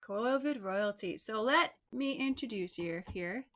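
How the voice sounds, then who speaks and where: A woman's voice: medium pitch, moderate pace, hardly any pauses, fairly bright tone. Bubbly chatty woman hosting a livestream. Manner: bubbly, chatty, laughs often. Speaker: host. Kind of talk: casual livestream chat.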